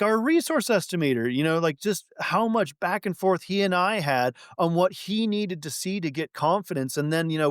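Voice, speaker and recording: A man chats as a podcast guest, rambling through fillers and quick restarts. His pitch jumps around a lot as he gets excited. The sound is dry and close, with no room echo. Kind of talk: casual conversation.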